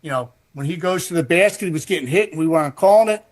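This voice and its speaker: A man, a former basketball referee, telling a story in a measured, matter-of-fact way in a recorded interview. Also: fairly high pitch.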